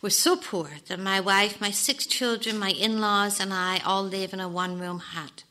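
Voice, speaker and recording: A woman's voice: mid-range voice, normal speed, sharp tone, natural voice. A woman voicing a poor, desperate man who pleads and laments as she reads a story aloud in a talk.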